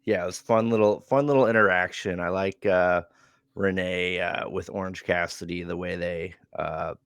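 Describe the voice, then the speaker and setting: A man casually recapping a wrestling show on a podcast, relaxed, with frequent chuckles and filler words. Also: low-pitched, moderate pace, clean tone, no room sound.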